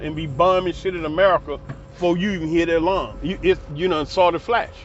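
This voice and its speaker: Fired-up, high-voiced man ranting. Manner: passionate, profane, heated. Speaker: commentary vlogger. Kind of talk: ranting commentary. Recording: slightly dull lo-fi recording.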